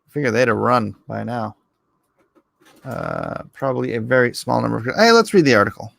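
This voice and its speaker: A man with a gravelly, fry-edged voice hosts a livestream in a loose, rambling way. He jokes back at the chat between comments. The sound is dry and close to the mic. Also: medium pitch, huge pitch swings, a little fast, fairly bright tone, dry recording. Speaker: livestream host.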